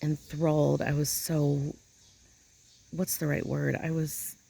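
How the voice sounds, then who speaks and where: A woman's voice: low-pitched, level tone, slow, gravelly, mellow. A woman talking casually in an outdoor vlog, rambling and emotional as she hunts for the right words. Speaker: vlogger. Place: outdoors in a yard chair.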